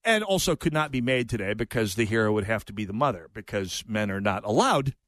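A man's voice: lowish voice, fairly quick, fairly bright tone, no room sound. A middle-aged man hosting an opinion talk radio show, talking in a digressive way with sarcastic asides.

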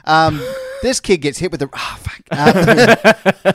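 A man's voice: a little high, lively intonation, slow, a bit bright, no echo. A man, co-hosting a podcast, chatting casually and joking, rambling with lots of fillers. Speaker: podcast co-host. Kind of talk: casual chat.

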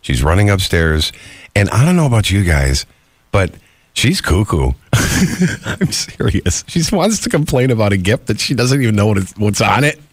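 A man co-hosting a casual talk show, laid-back and teasing his co-host, quick to laugh. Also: lowish voice, sing-song, breathy edge, no echo. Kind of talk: casual chat.

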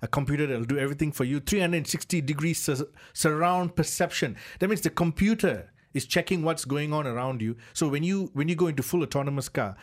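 A man's voice: a little high, a little fast, few pauses. A man on a radio car show, chatting in a loose, rambling way with lots of fillers as he shares opinions from the studio. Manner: chatty, rambling with many "you know" fillers. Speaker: regular car show co-presenter. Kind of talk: casual radio chat.

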